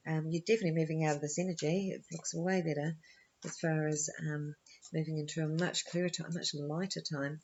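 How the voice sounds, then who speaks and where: A woman's voice: deep voice, fairly even intonation, a little fast, a little mellow, highs cut off, a little hiss or hum. A woman giving a casual astrology forecast and tarot reading, rambling and thinking aloud with many ums and you knows.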